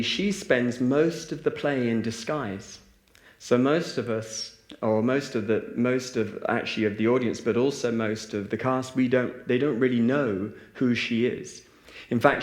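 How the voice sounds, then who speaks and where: Man, spiritual talk, reflective, many fillers and restarts, roomy echo. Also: mid-range voice. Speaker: speaker leading a group meditation. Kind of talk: spiritual talk to a live audience. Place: large hall with a live audience.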